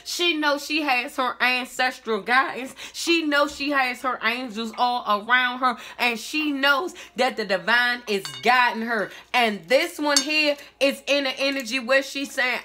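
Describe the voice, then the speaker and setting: A woman's voice: sits high, measured pace, hardly any pauses, sharp tone, a little hiss or hum. A woman giving a tarot reading, talking in a sassy, emphatic way with lots of repeated call-outs. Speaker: tarot reader.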